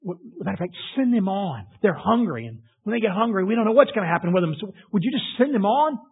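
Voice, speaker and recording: A man acting out an anxious, excitable male disciple who talks urgently and pleads. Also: high voice, fast talker, breathy edge, voice pushed up, heavily acted. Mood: anxious pleading. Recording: tinny phone-like audio.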